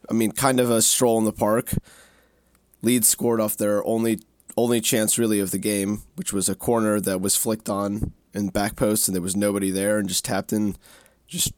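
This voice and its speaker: A man's voice: lowish voice, darkish tone, no echo, studio quality. A man co-hosting a football podcast, talking eagerly and at length about his team's recent run, often restarting his sentences. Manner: eager, rambling, many restarts. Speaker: podcast co-host. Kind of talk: casual football podcast chat.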